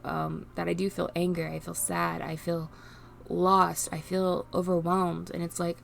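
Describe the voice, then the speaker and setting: A woman vlogging unscripted while grieving, near tears, pleading and halting with restarts. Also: lowish voice, flat delivery, vocal fry. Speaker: streamer and vlogger. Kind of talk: unscripted emotional vlog.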